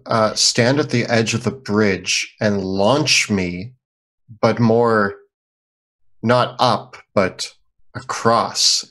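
A man's voice: lowish voice, a bit bright. A man playing a tabletop game, casual and indecisive, thinking aloud as he talks. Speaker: player.

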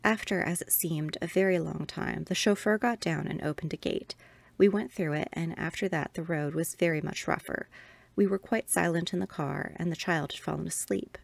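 Gravelly-voiced woman reading a ghost story. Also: deep voice, moderate pace, no room sound. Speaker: podcast host reading aloud.

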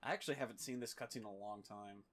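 A man's voice: fairly low pitch, racing, a bit bright, breathy edge. Rambling, cussing man narrating gameplay. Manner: rambling, swears freely, many fillers. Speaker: let's play commentator. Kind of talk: casual gameplay commentary.

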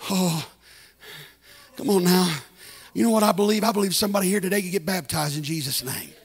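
A guest preacher in a church, delivering a sermon in a rhythmic cadence that puts a quick "uh" before each phrase and lifts into sing-song, shouted lines. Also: male voice, high-pitched, slightly rough. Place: church sanctuary.

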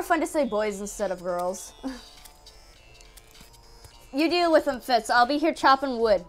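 A young woman giving casual gameplay commentary, excitable, yelping and laughing as she plays. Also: fairly high pitch, a little slow, pauses often, soft background music. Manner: excitable, yelps and laughs at the game. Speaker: gaming channel host.

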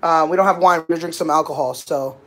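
A man hosting a live cooking stream from his home kitchen, talking excitedly and joking about himself. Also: on the high side, fast. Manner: excitable, joking, self-deprecating. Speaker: cooking show host. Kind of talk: casual live-stream chat.

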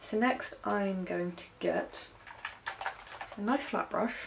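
Taking it slowly in a creaky, mid-range voice, a young woman with a light West Country accent narrates a makeup tutorial in a relaxed, chatty way, adding self-deprecating asides at each step. She's from the West Country of England, and there is background noise in the clip.

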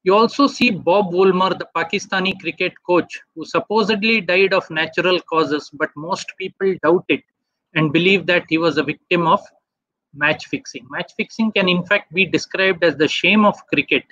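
A man giving a webinar talk, walking through slides in a measured way. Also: sits high, sharp tone, no room sound. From India. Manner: measured, asks for next slide often. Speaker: webinar speaker. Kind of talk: slide presentation lecture. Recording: dull dry online audio.

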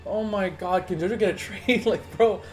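A young man recording a gaming video rants in an agitated, swearing flow. His voice sits somewhat high for a man, and soft music plays behind him. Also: moderate pace. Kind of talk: profane live-reaction rant.

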